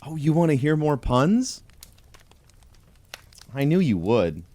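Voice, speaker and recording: A man reading a pun book aloud in a dry, deadpan comedic tone, chuckling along. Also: fairly high pitch, slow, no room sound. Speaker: comedy host.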